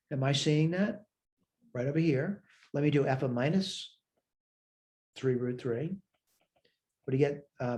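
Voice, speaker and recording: A man with a mellow, darker tone walks through a math lecture step by step. He thinks aloud and checks his own work as he goes. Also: mid-range voice. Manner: talks through worked steps aloud, self-checking. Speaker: math instructor.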